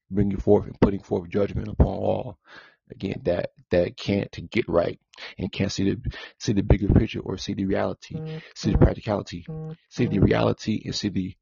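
A man's voice: fairly low pitch, gravelly, mellow, breathy edge, dry recording. A man hosting a spiritual podcast monologue, repeating himself and circling back to the same points. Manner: repetitive, circling back with "again". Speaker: podcast host. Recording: dull lo-fi sound.

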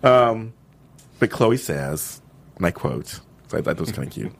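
A man's voice: lowish voice, very animated, measured pace, creaky, pauses often. A man co-hosting a casual chat, recounting a scene with amused storytelling. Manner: amused storyteller, laughing as he quotes.

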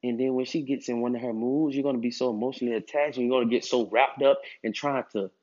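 A man's voice: mid-range voice, steady tone, quick pace, darkish tone. A man giving dating advice to other men in a casual monologue, emphatic and preachy, with streetwise slang. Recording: dull lo-fi recording.

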